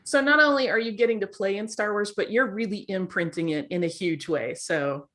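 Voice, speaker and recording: A woman moderating a virtual panel, fast and gushing like an excited fan, over a video call. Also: mid-range voice. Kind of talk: casual interview.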